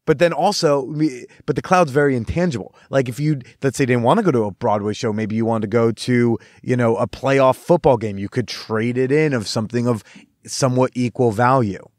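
A young man hosting a podcast, telling stories in a casual, animated way, with lots of swearing and quick asides. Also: medium pitch, dry recording, clean studio sound. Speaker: podcast host. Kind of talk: casual storytelling monologue.

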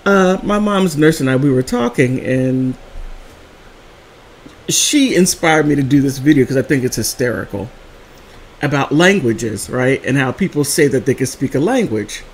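A woman vlogger telling funny stories in a casual, animated way, laughing often between phrases. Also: extremely low pitch, normal speed, a little hiss or hum. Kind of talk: casual storytelling vlog.

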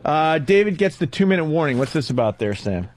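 Male radio host, animated pitch, rather high, laughs a lot while moving the segment along. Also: brisk. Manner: loud laughs, runs the segment. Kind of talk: talk radio banter.

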